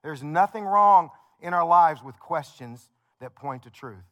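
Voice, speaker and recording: Higher-voiced man preaching conversationally. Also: animated, a little slow, a bit bright, dull audio. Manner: conversational storytelling preacher, builds with repeated phrases. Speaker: pastor. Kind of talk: sermon.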